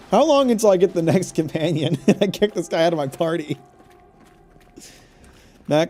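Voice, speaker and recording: A man's voice: on the high side, animated, unhurried, warm tone. A man streaming a video game, joking and rambling through casual commentary. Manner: joking, rambling, laughs often.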